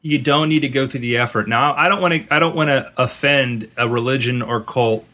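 Bright-voiced man holding forth. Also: medium pitch, brisk. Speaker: podcast co-host, magician. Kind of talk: casual chat.

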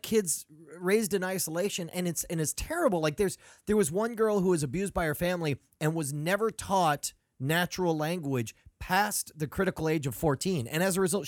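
Podcast guy rambling through a story, kinda high voice, laughs as he goes, dead dry sound. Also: dry recording. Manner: rambling storyteller, chuckles mid-sentence. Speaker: podcast co-host. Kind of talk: casual chat.

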